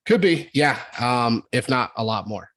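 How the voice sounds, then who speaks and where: A man hosting a casual trading meeting, talking through charts in a relaxed, rambling way with lots of fillers. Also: mid-range voice, measured pace, a crowd in the background. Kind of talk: casual market discussion.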